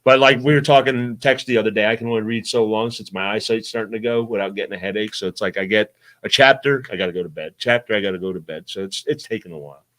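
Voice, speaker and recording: A middle-aged man chatting as a podcast guest, relaxed and easygoing as he tells fishing stories. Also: on the low side, fast. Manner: relaxed, easygoing, drifts quieter when winding down. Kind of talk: casual storytelling chat.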